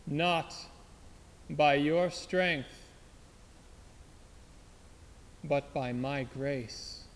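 A man voicing a calm divine inner voice, speaking slowly and solemnly. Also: a little high. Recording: long hall reverb.

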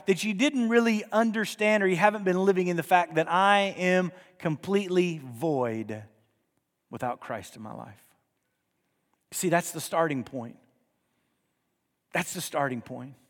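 Male pastor with a high voice, preaching emphatically in a reverberant church sanctuary. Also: a bit bright. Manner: emphatic preaching, rhetorical questions to the congregation. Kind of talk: sermon.

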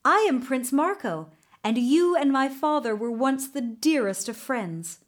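A woman's voice: sits high, expressive, unhurried, pitched above the performer's own voice. A woman doing an eager, earnest young prince. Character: brave polite young prince.

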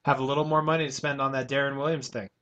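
A man's voice: medium pitch, flat delivery, rapid-fire, fairly bright tone. A man co-hosting a casual sports radio show from a college station studio, chatting and rattling off team rosters.

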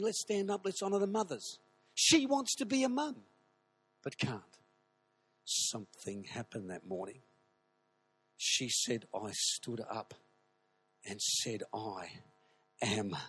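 A man preaching a sermon, telling stories with animated energy and shouting at the high points. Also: husky. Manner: animated storytelling, shouting at peaks. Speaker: pastor.

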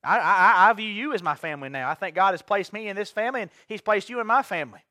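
A man's voice: high voice, quick pace, pushed and bright, no echo. A young man preaching a sermon as pastor, fervent and given to repeated rallying cries. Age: young adult. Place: church sanctuary.

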